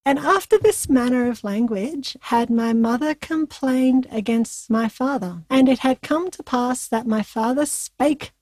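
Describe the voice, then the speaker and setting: A woman co-hosting a podcast who reads scripture slowly and adds sarcastic, irreverent remarks. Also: high voice, darkish tone, slight background noise. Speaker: podcast co-host reading scripture aloud. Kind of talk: casual podcast chat with scripture reading.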